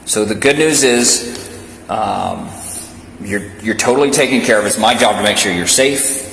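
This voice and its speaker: A male police officer calmly giving a detainee step-by-step instructions. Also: on the low side, moderate pace, gravelly. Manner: calm, reassuring, step-by-step. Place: police station room. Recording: echoey room with loud background hum.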